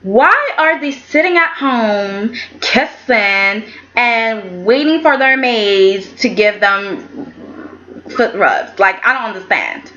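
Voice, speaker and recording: A woman's voice: a little high, lively intonation, takes it slowly, bright, forceful tone, muffled recording, a little hiss or hum. A woman chatting casually as she reviews a soap opera episode, sassy and chatty, often tagging her lines with okay. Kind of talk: casual vlog recap.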